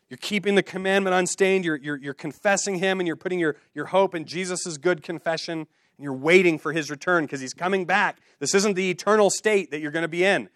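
Man, pastor preaching, impassioned, repetitive exhortations, slightly high voice, dry close mic. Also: a little fast, a bit bright, no echo. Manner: impassioned preaching with repeated phrases and rising exhortations. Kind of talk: sermon.

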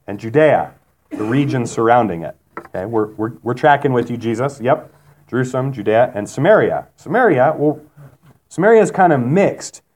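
A male pastor delivers a sermon in a relaxed, conversational manner. He often puts questions to the congregation and acts out the people he quotes, his voice lifting when he voices them. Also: medium pitch.

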